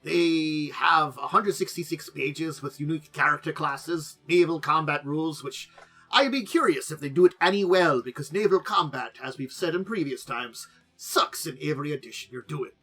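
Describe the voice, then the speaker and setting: A man chatting casually as host of a tabletop gaming show. His voice sits a little high and rings bright and forceful. He rambles loosely, with fillers and trailing asides, over faint music. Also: normal speed, slightly rough. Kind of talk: casual chat about tabletop games.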